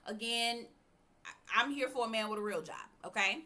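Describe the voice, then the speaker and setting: A woman's voice: a little high, moderate pace, pushed and bright. A woman who talks bluntly and frankly as she reviews a reality show in a casual, chatty way. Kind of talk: casual opinionated commentary.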